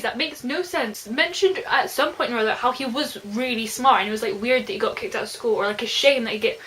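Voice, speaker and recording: A woman chatting casually about a novel she loved, excitable and gushing, exclaiming at the characters. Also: on the high side, brisk, few pauses, low-quality recording. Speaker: book reviewer. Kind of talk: casual book review chat.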